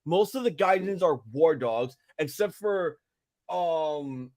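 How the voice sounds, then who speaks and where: Animated man arguing wrestling. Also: on the high side, slow, no room sound, studio quality. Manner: animated, argumentative, swears casually. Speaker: podcast co-host. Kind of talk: casual wrestling chat.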